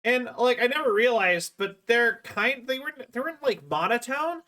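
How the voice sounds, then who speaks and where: Bright-voiced rambling streamer. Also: mid-range voice, animated, moderate pace. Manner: rambling, chatty, lots of fillers and restarts. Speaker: livestreamer. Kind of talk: casual live-stream chat.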